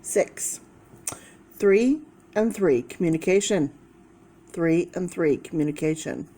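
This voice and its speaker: Woman tarot vlogger, low voice, slow and musing, casual chat to camera. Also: warm tone. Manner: slow, repeats key words, thinking aloud. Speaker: tarot reader.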